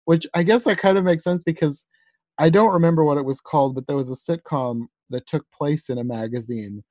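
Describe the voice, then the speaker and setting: A young woman co-hosts a podcast, rambling casually about a movie with lots of "like" and little laughs. Her voice is low-pitched, slightly fast and a bit mellow, recorded lo-fi with no room sound.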